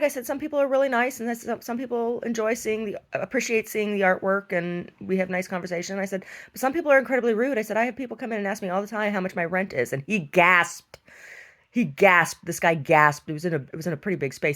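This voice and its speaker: A woman artist who owns a gallery, telling a story casually in an animated, sardonic way and acting out the people in it. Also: medium pitch, fast.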